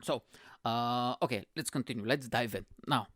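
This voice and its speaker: A man's voice: medium pitch, moderate pace, a bit bright, dry recording, studio quality. A man in his thirties from the Balkans, hosting a podcast and telling a comic story with a playful, profane, self-mocking manner. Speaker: podcast host. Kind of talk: comedic storytelling monologue.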